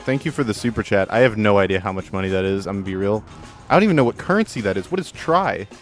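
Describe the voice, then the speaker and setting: A man hosting a casual live stream, chatting while he plays a game and breaking into loud swearing outbursts at it. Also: on the low side, quick pace, soft background music. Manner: excitable, swears and shouts at the game. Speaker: streamer and show host.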